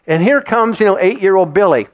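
Middle-aged guy preaching a sermon, super animated, kinda muffled audio. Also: sits high. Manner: animated, conversational preaching to a congregation. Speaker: pastor. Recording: dull lo-fi sound.

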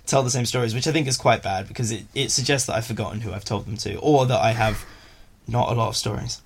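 A man's voice: medium pitch, quick pace, gravelly, noisy background. A young man chatting casually as a podcast guest, rambling and self-mocking, often laughing. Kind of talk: casual chat.

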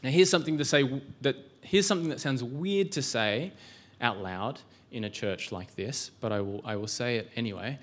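A man's voice: medium pitch, moderate pace, hardly any pauses. A male pastor giving a sermon in a church, conversational, with rhetorical questions and frequent restarts.

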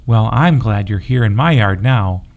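A man voicing a friendly, excitable young puppy in a children's story, warm and gentle. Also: on the low side, unhurried.

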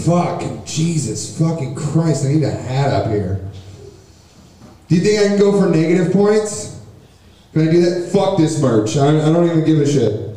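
A man doing a brash, crude open-mic stand-up set, talking loudly and riffing fast. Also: animated. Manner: brash, loud, crude, rapid riffs. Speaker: stand-up comic. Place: small comedy venue. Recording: echoey room, distant mic, low noise.

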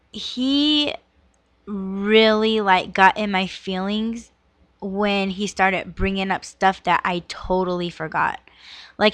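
A podcast host in her thirties tells a personal story frankly and casually, swearing and leaning heavily on "like" and "you know." Her medium-pitched voice is a bit bright, with no echo.

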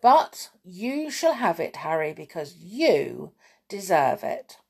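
A woman voicing a kindly grown-up lady who hosts a children's party, speaking warmly. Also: lowish voice, sing-song, slow, creaky, breathy edge, heavily acted. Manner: warm, gently surprised.

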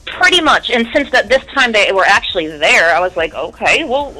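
A woman's voice: mid-range voice, sing-song, a little fast, sharp tone, soft background music, poor audio. Woman, 30s, interview guest; candid, rambling, foul-mouthed storyteller, mid-range voice. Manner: candid, rambling, swears often.

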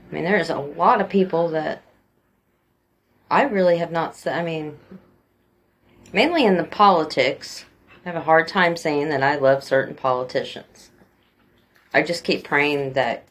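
A woman, co-hosting a faith podcast and telling a story in casual chat, laughing easily. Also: sits low. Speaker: podcast co-host.

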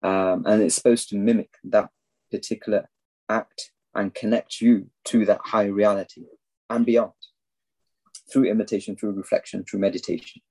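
A man from England telling a long personal story as a podcast guest, animated and acting out what others said. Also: on the low side, normal speed, husky, poor audio. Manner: animated storyteller, acts out quoted speech. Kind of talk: storytelling in a casual interview.

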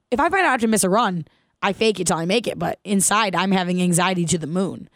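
A woman in her thirties hosting her own podcast, telling a personal story in an animated, casual way, laughing as she goes and asking listeners questions. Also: fairly low pitch, quick pace, no echo, studio quality. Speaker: podcast host.

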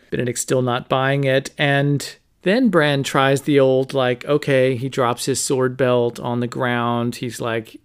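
Guy on a podcast going over a book, pretty monotone, lots of likes and you knows. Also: mid-range voice, measured pace, hardly any pauses, clean tone. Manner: conversational, many fillers like "you know" and "like". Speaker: podcast host. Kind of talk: casual book recap with read-aloud quotes.

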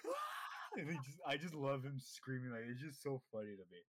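A man's voice: mid-range voice, fast, dry recording. A man chatting casually as a podcast co-host, rambling with many fillers and frequent laughter.

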